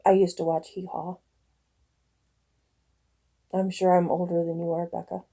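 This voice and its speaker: Lowish, flat and a little slow, her dark-toned voice belongs to a northern Michigan live-stream host in her forties. At home, she rambles through casual chat with her viewers, frequently laughing.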